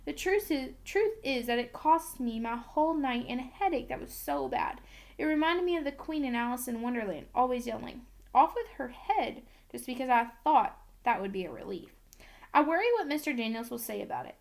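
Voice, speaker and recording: A woman's voice: high voice, animated, a little fast. A woman narrating a novel in first person, in a plain, earnest storytelling way. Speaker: audiobook reader.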